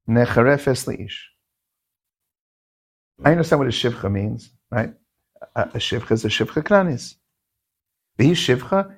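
A man teaching Talmud in a lively, rising-and-falling voice. He speaks with a gravelly rasp. He keeps putting questions to his listeners and answering them in a sing-song rhythm. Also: fairly high pitch. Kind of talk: Talmudic lecture.

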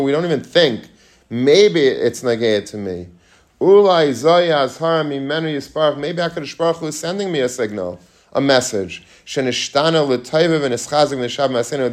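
In a room with a live audience, a rabbi with a mid-range voice gives students an informal Torah lecture. His manner is conversational and chatty, full of questions for the room, with Hebrew and Yiddish terms sprinkled throughout.

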